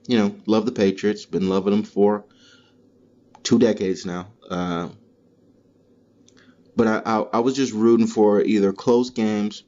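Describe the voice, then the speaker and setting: A deep-voiced man rambles through a comedic podcast monologue and swears freely as he goes. His tone is mellow and relaxed. The recording sounds dull and lo-fi. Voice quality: profane, rambling, animated storytelling. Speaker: podcast host.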